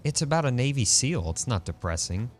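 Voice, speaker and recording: A man's voice: medium pitch, big pitch swings, brisk, faint music behind. A man co-hosting a radio show, dry and contrarian in casual banter. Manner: dry, contrarian, laid-back. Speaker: radio co-host.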